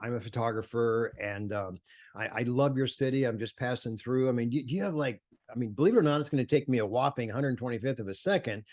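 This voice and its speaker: A fast-talking older man with a medium-pitched, darkish voice, he's a photographer in an interview. He recounts stories with gusto, acting out the voices of those he quotes, and his animated storytelling is full of fillers and restarts.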